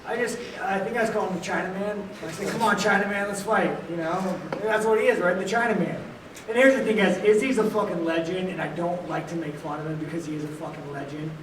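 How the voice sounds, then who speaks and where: Blunt, foul-mouthed man, higher-pitched voice, rambling at a press conference, mic a bit far off in an echoey room. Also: steady tone, fast. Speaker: fighter at post-fight press conference. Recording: echoey room, heard from a distance, faint noise.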